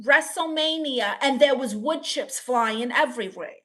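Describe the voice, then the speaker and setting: A woman's voice: fairly high pitch, unhurried, pushed and bright. A woman with a Brooklyn accent hosting a casual comedic livestream, reading chat aloud, laughing often and joking around. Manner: playful, laughs often, trying silly accents.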